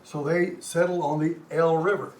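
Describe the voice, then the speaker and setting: An older man with a Texan accent teaches a community language class. He lectures from slides in a halting, folksy way, often repeating words and joking with the class. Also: fairly high pitch, fairly even intonation, a little mellow. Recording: roomy, distant mic, faint hum.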